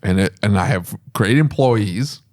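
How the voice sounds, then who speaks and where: A man, a podcast host who owns a repair shop, talking casually and telling animated stories with laughs. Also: measured pace. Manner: animated storytelling with laughs, sudden high pitch for quoted voices.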